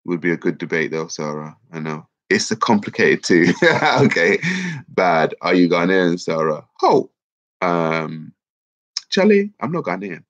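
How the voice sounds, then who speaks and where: Lively, low-voiced male livestream host, congested, reading chat aloud; dull lo-fi audio. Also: measured pace. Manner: reads viewer comments aloud, lively and chatty. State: congested, bunged up.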